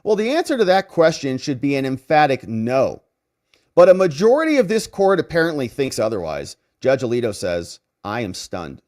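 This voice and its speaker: Man, lawyer host, legal commentary, sarcastic, emphatic, lively swinging pitch. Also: moderate pace. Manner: sarcastic, mocking; emphatic, animated delivery.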